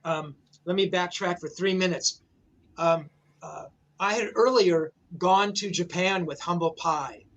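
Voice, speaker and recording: A man's voice: high-pitched, measured pace, fairly bright tone. A man in his sixties, a rock journalist, telling a long rambling anecdote in a casual way, full of "you know, man" fillers, over a video call.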